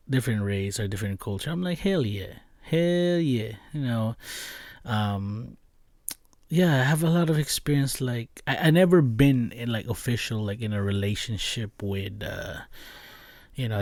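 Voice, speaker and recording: A man's voice: mid-range voice, darkish tone, no echo, studio quality. A young man who is not a native English speaker, telling a story as a podcast host, rambling with lots of fillers and laughs. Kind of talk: casual storytelling chat.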